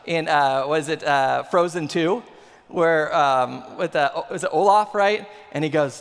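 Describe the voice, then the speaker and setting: Male pastor, 30s; high voice, animated conversational sermon, long reverb. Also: normal speed, creaky. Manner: animated, conversational preaching with laughs.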